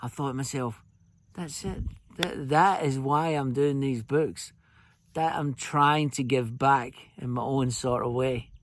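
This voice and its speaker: This Scottish fly-tying vlogger, probably in his fifties, speaks at a medium pitch and an unhurried pace. Standing outdoors by a remote road, he tells chatty, jokey, rambling anecdotes for his casual vlog.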